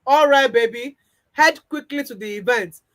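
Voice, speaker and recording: A woman's voice: fairly high pitch, moderate pace, close to an everyday voice. A woman voicing an affectionate, teasing husband in a spoken story. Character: loving adoring middle-aged husband.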